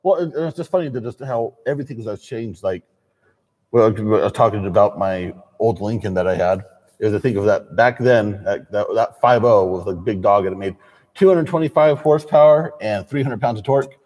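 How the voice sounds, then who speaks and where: A man co-hosting a live stream, reminiscing about old cars in a relaxed, casual way. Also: lowish voice, fairly quick, long reverb tail, poor audio. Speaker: livestream co-host. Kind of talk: casual car chat.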